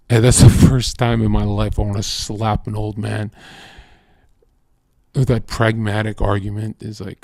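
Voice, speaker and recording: Mellow-voiced man ranting casually on stream. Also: fairly low pitch, fairly even intonation, normal speed, vocal fry, pauses often, no echo, clean studio sound. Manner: profane, rambling, says "bro" and "like" a lot. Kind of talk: casual live-stream monologue. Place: home streaming setup.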